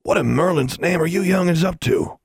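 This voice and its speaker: A man doing a gruff, folksy school warden. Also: on the high side, moderate pace, dry recording, clean studio sound, voice pushed up. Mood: stern. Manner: folksy, scolding. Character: gruff stern grown man, school groundskeeper.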